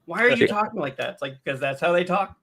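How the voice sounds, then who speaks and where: A man's voice: sits high, lively intonation, fast, gravelly, sharp tone. A man from the United States co-hosting a podcast, telling rambling anecdotes with restarts and acted-out quotes. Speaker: podcast co-host. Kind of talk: casual chat.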